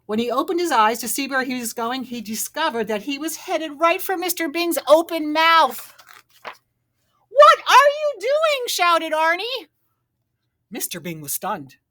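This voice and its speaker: A woman reading a children's picture book aloud with expressive narration. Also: high-pitched, moderate pace, hardly any pauses. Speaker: storybook reader.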